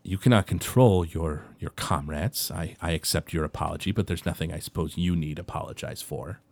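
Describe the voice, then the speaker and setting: A man voicing a wary, guarded man who speaks low and quietly at a church door. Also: brisk, vocal fry.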